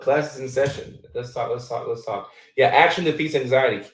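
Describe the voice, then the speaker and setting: A Ghanaian-born man in his thirties hosts a casual live chat, answering viewer questions loosely and conversationally with many fillers. His mid-range voice moves fairly quickly, and the rough recording is reverberant, with a distant mic.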